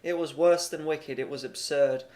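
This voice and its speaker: Man reading a short story aloud, slightly high. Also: steady tone, darkish tone. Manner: plain, measured reading with occasional stumbles. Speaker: narrator. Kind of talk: amateur audiobook reading.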